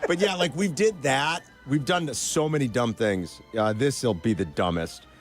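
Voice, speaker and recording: A male sports radio host in casual banter, rambling and restarting his sentences. His voice is of ordinary pitch. Faint music runs beneath him. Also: lively intonation, a little slow.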